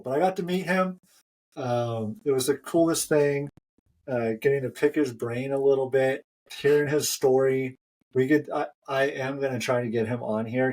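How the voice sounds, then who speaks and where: A man's voice: mid-range voice, a little mellow. Chatty man telling a running story. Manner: chatty storyteller, laughs often. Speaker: running podcast host. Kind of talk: casual chat.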